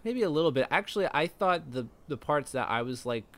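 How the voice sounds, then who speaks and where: A man's voice: on the high side, animated, fairly quick, fairly bright tone. A man co-hosting a podcast, chatting casually about a film and thinking aloud with plenty of fillers. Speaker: podcast co-host.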